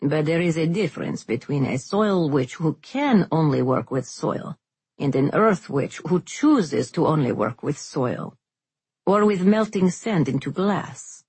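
A woman's voice: deep voice, a little slow, slightly rough, no echo, full character voice. A woman voicing a blunt, irritated male diplomat who talks curtly with thin sarcasm. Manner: curt and flat, thinly sarcastic.

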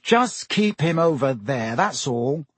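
Blunt, quick-tempered schoolboy read by a man, husky and dry. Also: a little high, very animated, no room sound, heavily acted. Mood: grumbling. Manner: indignant, blunt, quick to shout. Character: hot-tempered teenage schoolboy. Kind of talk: audiobook character voice.

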